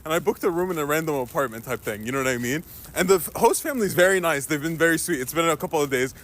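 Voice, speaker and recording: Casual storyteller: high-voiced man, lively and swooping, swears freely. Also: rapid-fire. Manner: animated, laughing, swears freely.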